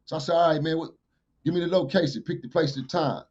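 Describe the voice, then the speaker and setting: A man with a fairly high voice spins a street tale as a podcast guest, animated and profane throughout. He jumps into loud bursts whenever he quotes himself. The audio is dull and lo-fi. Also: fast talker.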